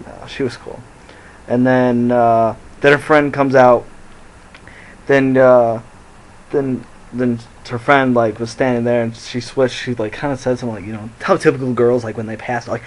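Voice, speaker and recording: A man's voice: mid-range voice, level tone, moderate pace, low-quality recording. A young man telling a rambling, profane story into his phone and laughing at his own jokes. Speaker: vlogger. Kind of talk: casual storytelling to camera.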